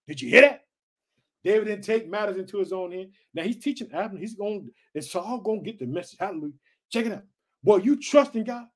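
A man's voice: high voice, a little fast. A man preaching a sermon on a scripture reading, emphatic, repeating exhortations and asking the listener questions.

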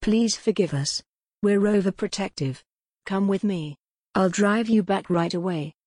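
A woman voicing a calm young man who speaks in a soothing, reassuring way in an audiobook. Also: mid-range voice, unhurried, no echo, clean studio sound, lightly acted.

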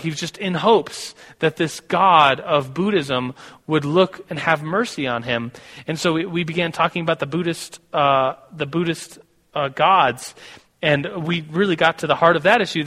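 In a hall with long reverb, an American man preaches a sermon, relating a personal story in a conversational style full of restarts. His pitch is fairly high and his tone bright and forceful.

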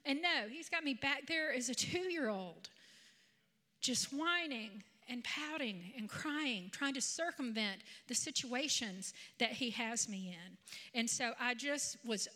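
Woman preacher in her 50s, bright tone, conversational sermon delivery. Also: on the high side, slow. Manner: conversational, animated storytelling with asides. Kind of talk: sermon with personal storytelling.

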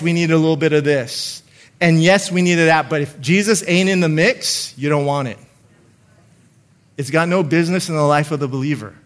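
A man preaching a sermon, slowing down to stress scripture and calling on the congregation to repeat lines after him. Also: a little high, fairly bright tone. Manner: emphatic, calls for congregation responses, slows to stress scripture.

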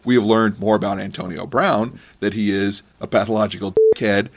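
A man's voice: fairly low pitch, fairly even intonation, a little fast, creaky. A man hosting a comedic podcast, talking in a sarcastic, mocking way. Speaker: podcast host.

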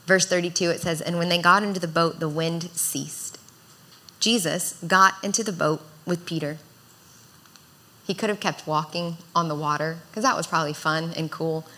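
A woman's voice: on the low side, fairly even intonation, moderate pace, sharp tone. A woman in her thirties preaching a sermon, earnest and exhorting, building to fervent calls to the congregation. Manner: earnest, exhorting, rises in intensity.

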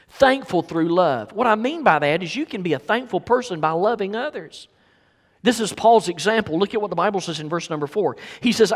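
High-voiced man preaching in a reverberant hall. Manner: swings from quiet storytelling to rising emphatic preaching. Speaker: pastor. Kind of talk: sermon. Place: church sanctuary.

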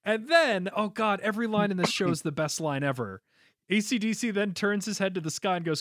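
A giggly, animated man chats about a show in a high voice. He recaps eagerly and laughs often. The sound is close and very dry. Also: brisk, no echo. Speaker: podcast co-host. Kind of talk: casual chat recapping a show.

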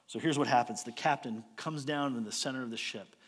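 A man preaching a sermon as a storyteller, posing rhetorical questions and moving between loud emphasis and quiet asides. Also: mid-range voice, a little fast. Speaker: pastor. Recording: long hall reverb.

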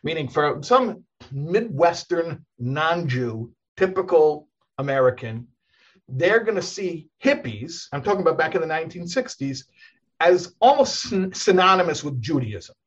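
A man's voice: fairly high pitch, very animated, unhurried, breathy edge, muffled recording. A man, a rabbi, talking casually in a conversation, telling stories in a rambling way with many restarts and laughs.

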